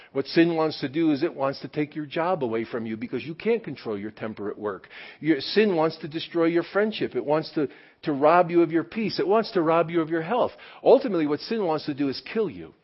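A male pastor preaching a sermon at a church service, animated and conversational, with many rhetorical questions to the congregation. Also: medium pitch, dull audio.

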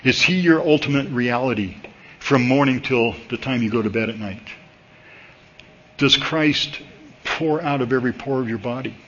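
A man preaching a sermon at a church service, talking to the congregation in a conversational, animated way and jumping up in pitch when he gets excited. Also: normal speed, a little hiss or hum. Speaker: pastor. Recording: dull lo-fi recording.

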